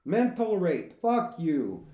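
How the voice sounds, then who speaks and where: A man's voice: sits high, wildly swooping pitch, slow pace, warm tone, slight background noise. A middle-aged man hosting a casual podcast, blunt and profane, laughing often. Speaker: podcast host. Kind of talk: casual crude chat. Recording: echoey room.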